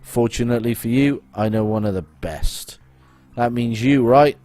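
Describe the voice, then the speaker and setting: A man's voice: medium pitch, moderate pace, warm tone, natural voice. A man voicing a street-wise male fixer in his own plain voice, with no accent. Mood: blunt.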